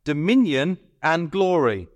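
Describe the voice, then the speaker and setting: A man's voice: fairly high pitch, very animated, takes it slowly, no echo. A man preaching a sermon at a Bible school, earnestly pressing his listeners with repeated questions and stumbling over his words when stirred.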